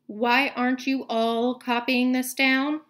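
A woman's voice: high voice, little pitch movement, slow pace, a bit bright. A woman voicing a cold, contemptuous male potions teacher in a read-aloud storybook, speaking in cutting, sneering tones.

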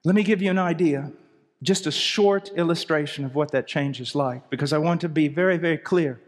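High-voiced preacher guy, fired up, big echoey church hall. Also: fairly quick. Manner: impassioned, swinging from soft low asides to raised cries. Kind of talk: sermon. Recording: hall reverb from a live sermon.

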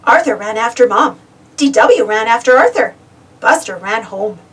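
A woman narrating a children's storybook aloud, expressive, with a distant mic. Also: a little high, moderate pace, slightly rough, faint music behind. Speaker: storybook reader.

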